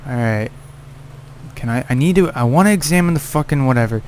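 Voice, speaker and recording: A man's voice: mid-range voice, expressive, a little fast, slight background noise. A man giving casual gameplay commentary, cursing and scolding the game character. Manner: profane, exasperated, yelling at the game character. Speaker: let's play gamer.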